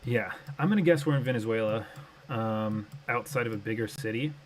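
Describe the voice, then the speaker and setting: A man's voice: lowish voice, a little fast, slight background noise. A man streaming a game live, chatting casually and thinking aloud with many fillers and restarts, on a desk microphone at home.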